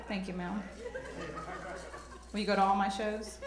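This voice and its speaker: A young woman from the Southern US countryside performs stand-up into a handheld mic in an echoey comedy club, drawling, self-mocking, and breaking into shouted rap bits. Her voice is mid-range at a normal speed, with long pauses.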